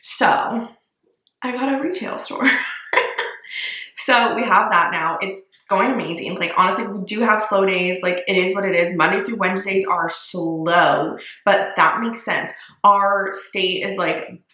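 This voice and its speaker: A woman's voice: medium pitch, unhurried, pushed and bright, echoey room. A young woman and small business owner talking casually to camera in a vlog, full of "like" and casual swearing. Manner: chatty, says "like" a lot, swears casually.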